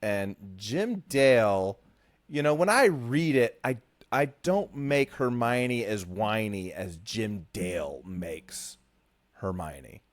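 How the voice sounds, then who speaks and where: A man's voice: lowish voice, lively intonation, slow pace, no room sound. A man co-hosting a podcast, chatting casually about a book, opinionated, often restarting his sentences and mimicking characters. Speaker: podcast co-host. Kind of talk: casual book discussion chat.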